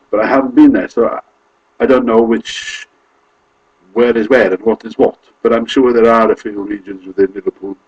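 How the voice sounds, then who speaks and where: Rambling Welsh man, husky. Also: mid-range voice, darkish tone, lo-fi sound. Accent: Welsh, Carmarthenshire. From Wales. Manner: rambling, self-correcting. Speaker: vlogger. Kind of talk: casual monologue to camera.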